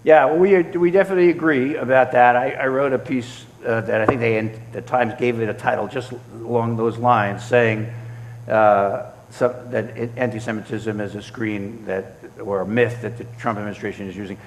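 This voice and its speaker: This man's voice sits in the mid range, with normal speed and a faint hiss or hum on the recording. Answering questions from the audience at a synagogue award event, he is an animated storyteller who keeps restarting and performs the quotes he relates. The sound echoes through a reverberant hall.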